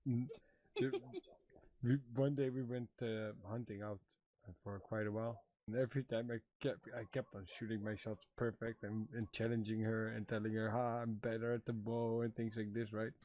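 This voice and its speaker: A man's voice: fairly low pitch, moderate pace, narrow, tinny audio, close to an everyday voice. A man playing Mato, a playful married tribesman in a western roleplay, telling stories in broken English and acting out the voices of others. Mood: teasing. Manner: broken English, animated retelling with quoted voices. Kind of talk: in-character roleplay chat.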